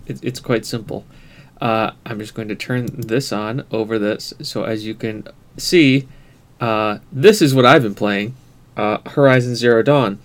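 A man co-hosting a gaming podcast, chatting in a relaxed, self-deprecating way. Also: lowish voice, unhurried. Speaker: podcast co-host. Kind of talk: casual chat.

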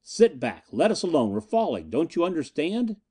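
A man's voice: medium pitch, expressive, fast, darkish tone, husky. A man reading the part of an urgent young man barking short orders in a crisis. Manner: terse, barked orders.

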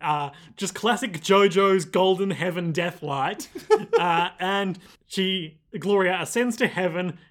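A man's voice: sits high, slow pace, a bit bright. A young man co-hosting a casual podcast, recapping an anime episode in a laid-back way and laughing often. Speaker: podcast co-host.

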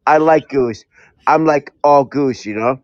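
A man's voice: mid-range voice, a little slow, no room sound. A laid-back man bantering in a comedy show, saying "dude" constantly and arguing playfully. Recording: dull dry lo-fi sound.

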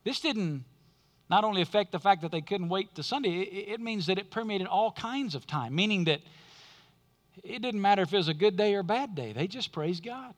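A male pastor preaching a sermon with emphatic delivery and dramatic pauses. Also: high voice, lively intonation. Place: church sanctuary. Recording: long reverb of a large hall.

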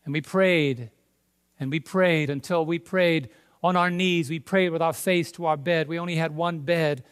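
Male preacher, New York accent, emphatic sermon delivery, high voice. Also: fairly even intonation, moderate pace, clear, resonant tone. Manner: emphatic, rising to loud stresses on key words. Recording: long hall reverb.

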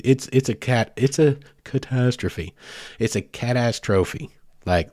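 A man's voice: on the low side, darkish tone, no echo, studio quality. A man hosting a podcast, rambling casually with self-deprecating asides. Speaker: podcast host.

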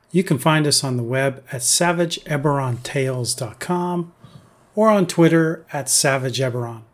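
A man narrating as game master of a tabletop game, rambling with lots of fillers. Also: mid-range voice.

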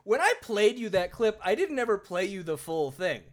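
A man hosting a casual podcast chat, animated and quick to laugh, with some swearing. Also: sits high. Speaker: podcast host.

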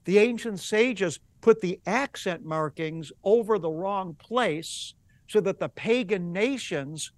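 A man's voice: high-pitched, slow pace, no room sound. A rabbi and Bible teacher, a man, explaining in an earnest teaching manner during a broadcast interview, working through examples step by step.

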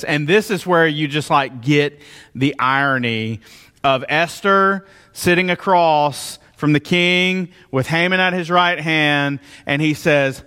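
Male pastor, slightly high voice, conversational sermon with asides. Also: normal speed. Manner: conversational, animated retelling with asides.

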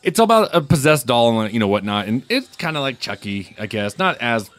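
A man's voice: medium pitch, brisk. A man hosting a casual podcast who reviews films and tells stories in a loose, profane way. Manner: animated, profane storytelling. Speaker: podcast host and film reviewer. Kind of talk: casual chat.

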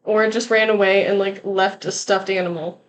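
A woman's voice: medium pitch, steady tone, fairly quick, slight background noise, low-quality recording. A woman hosting a casual podcast, reading short horror stories aloud and chatting with a lot of laughter. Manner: giggly, reads stories aloud.

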